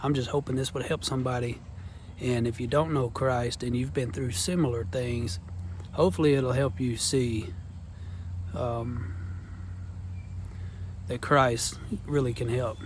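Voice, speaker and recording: Speaking a little slowly and pausing often, this man in his thirties gives an earnest, rambling personal testimony as a vlogger. His mid-range voice holds a steady tone, his phrasing has a Southern flavor, and faint background noise is audible.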